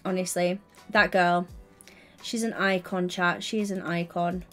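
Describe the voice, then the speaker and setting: A woman's voice: on the low side, level tone, unhurried, soft background music. A young woman streaming, chatting casually and teasingly while building in a game. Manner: teasing, giggly, playful.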